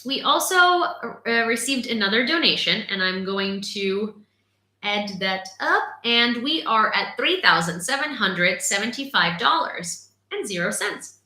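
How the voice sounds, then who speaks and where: A woman's voice: mid-range voice, expressive, unhurried, bright, forceful tone. A young woman from Ukraine, hosting a casual news livestream, talking indignantly with lots of fillers. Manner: indignant, talkative, many fillers. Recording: echoey room.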